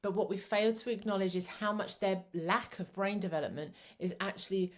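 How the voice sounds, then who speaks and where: A woman's voice: medium pitch, steady tone, brisk. A middle-aged woman, a psychotherapist giving a chatty, rambling talk that teaches parents. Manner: chatty, rambling, self-described waffler.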